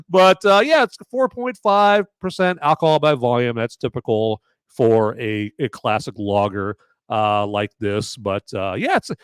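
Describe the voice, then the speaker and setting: A man's voice: medium pitch, measured pace, clean tone, no echo, clean studio sound. A man hosting a live podcast, bantering casually with his chat and swearing freely. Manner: animated and profane, bantering with chat. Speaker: podcast host.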